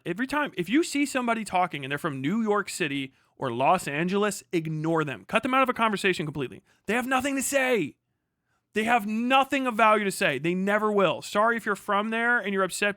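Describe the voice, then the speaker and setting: A man's voice: high voice, pushed and bright, dry recording, clean studio sound. A man hosting a livestream, delivering an angry, profane political rant full of repetition. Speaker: livestream host.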